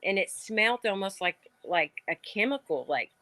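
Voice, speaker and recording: Southern kentucky lady rambling on a call, bright dry sound. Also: mid-range voice, expressive, normal speed, no room sound. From Kentucky, USA. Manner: rambling, chatty, lots of "like". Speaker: guest. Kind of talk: casual chat. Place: outdoor patio at night.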